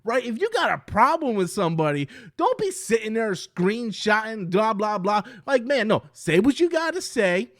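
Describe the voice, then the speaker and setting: A man's voice: high voice, sing-song, normal speed, hardly any pauses, dry recording, clean studio sound. A man giving casual, heated commentary in a rambling style, often stumbling over his words as he restarts sentences. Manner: rambling and heated, with many restarts and quoted impressions. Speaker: commentary YouTuber.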